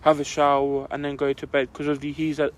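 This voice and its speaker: A man's voice: a little high, completely flat delivery, quick pace, a little hiss or hum. A young man telling a story on a casual podcast, rambling and full of "like" fillers.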